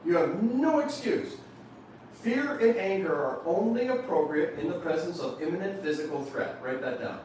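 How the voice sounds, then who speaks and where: A man leading a motivational workshop, lively and questioning his audience, often telling them to write points down. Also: sits high, normal speed, slight background noise. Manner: animated, questions the audience, repeats instructions. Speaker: seminar speaker. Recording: echoey room from far off.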